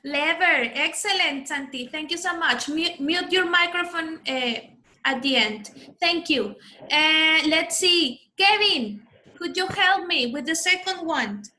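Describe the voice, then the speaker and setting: A woman with a high, bright voice leads an online class for children. She is patient and coaches each pupil's pronunciation. She speaks over a computer microphone on a video call. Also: lively intonation, unhurried. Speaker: English teacher.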